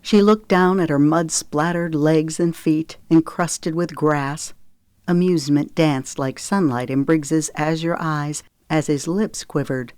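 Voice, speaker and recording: A woman narrating an audiobook in a measured, expressive reading voice. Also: low-pitched, clear, resonant tone, no echo.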